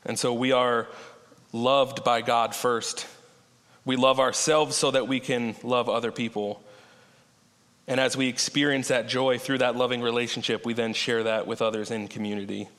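A man delivers a sermon in an easy, conversational way, drawing out the words he wants to land. His voice is bright and forceful. The long reverb of a large church sanctuary trails behind every phrase. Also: medium pitch, flat delivery. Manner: conversational, slows down to stress key points. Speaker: preacher.

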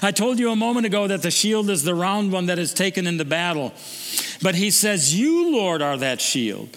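A man's voice: sing-song, moderate pace, a bit bright, big-room sound. A pastor preaching a sermon in an earnest way, often repeating his first words and lifting his voice to stress a point. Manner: earnest, repeats words when starting phrases, rises in pitch when stressing a point. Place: church service.

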